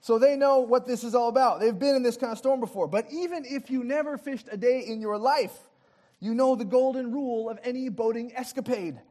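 High-voiced playful man preaching. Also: brisk, dark tone. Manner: playful, directs the audience to act out the scene; jokey asides with light laughs. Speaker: pastor. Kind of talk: interactive sermon.

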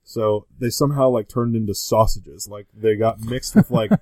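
A man's voice: lowish voice, steady tone, normal speed, a little mellow, no room sound. A man guesting on a podcast, chatting casually and rambling with lots of fillers and restarts. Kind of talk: casual chat.

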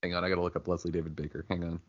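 A man co-hosting a casual chat, rambling and animated, often slipping into goofy character voices. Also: low-pitched, rapid-fire, muffled recording, faint music behind. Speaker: podcast co-host.

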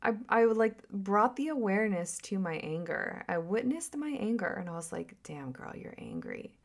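A woman vlogger and mother talking in a casual, reflective monologue that rambles and drifts into soft whispered asides. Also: mid-range voice, expressive, normal speed.

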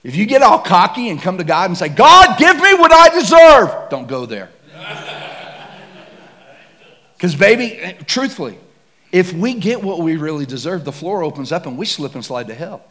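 A man preaching a casual, slangy sermon that builds to shouts. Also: fairly high pitch, lively intonation, measured pace, pauses often. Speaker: pastor.

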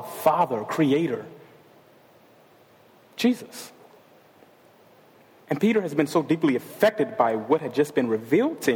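A male pastor preaching a sermon in a casual, conversational way, with jokes and asides. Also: medium pitch. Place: church sanctuary with a stage. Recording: long reverb of a large church hall.

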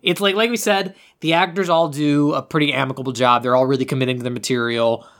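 Bright, animated man recapping a movie. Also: mid-range voice. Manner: animated retelling with quick voices for characters. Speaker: podcast co-host.

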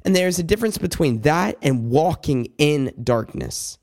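Earnest man with a gravelly voice. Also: a little high, animated, darkish tone. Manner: earnest, halting, with many restarts and asides to God. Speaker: devotional speaker. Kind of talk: personal Bible devotional. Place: indoors at night.

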